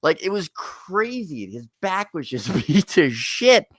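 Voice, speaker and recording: A man's voice: a little high, sing-song, slow, a bit bright, dry recording, clean studio sound. A man co-hosting a podcast in casual chat, swearing often and laughing as he mimics people. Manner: profane, laughing, mimics people in his stories. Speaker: podcast co-host.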